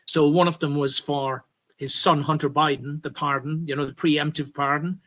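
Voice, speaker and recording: A man's voice: on the high side, fairly even intonation, normal speed, bright, forceful tone. An Irish man hosting a political commentary, talking in a rambling way, often correcting himself and pushing hard on key words. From Ireland. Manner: rambling, stops to correct himself, emphatic bursts. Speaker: commentary host.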